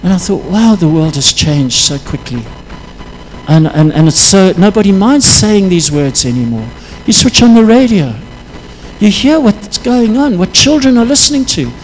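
A man preaching a sermon, impassioned, his voice rising into loud prayerful pleas. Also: sits high, lively intonation, normal speed, soft background music, poor audio.

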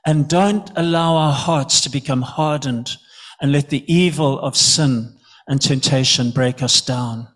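A man's voice: a little high, a bit bright. Earnest man preaching. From Zimbabwe. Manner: earnest, repeats words when emphasizing. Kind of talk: sermon.

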